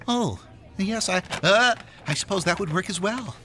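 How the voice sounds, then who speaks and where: A man's voice: high voice, expressive, normal speed, pushed and bright, slight background noise, exaggerated voice. An actor playing a fussy, pompous young man who talks in long formal words and stammers when caught off guard. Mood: flustered. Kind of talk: radio drama acting.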